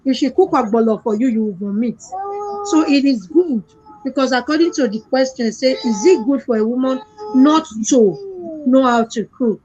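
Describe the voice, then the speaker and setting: A woman's voice: sits high, animated, normal speed, darkish tone. A woman hosting a casual live-stream chat, thanking callers and reading out viewer comments. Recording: dull lo-fi stream audio with faint noise.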